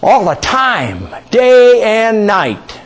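A male pastor teaching a sermon, asking the congregation questions, repeating key words and stretching scripture quotes out slowly. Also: high-pitched, wildly swooping pitch.

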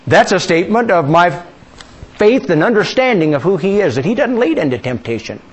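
A man's voice: high-pitched, big pitch swings, a little fast, slightly rough. A man preaching a sermon as pastor, asking the congregation questions and leading them in reciting lines.

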